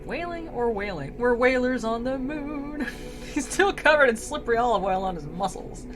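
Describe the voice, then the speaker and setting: A woman's voice: on the high side, expressive, normal speed, over music. A woman on a live stream reading old poetry aloud and retelling it with irreverent, slangy asides, laughing often.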